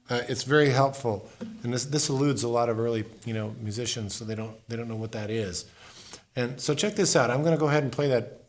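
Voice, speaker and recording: A man giving a casual guitar lesson, explaining in a relaxed way and repeating words as he demonstrates. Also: mid-range voice. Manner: relaxed, thinks aloud, repeats words while playing. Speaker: guitar teacher. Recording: guitar music in the background. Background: acoustic guitar playing.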